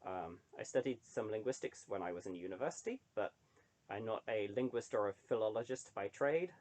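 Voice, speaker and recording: A man's voice: mid-range voice, darkish tone. A young adult man chatting casually to camera, rambling with lots of ums and wry asides. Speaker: online creator reading poetry.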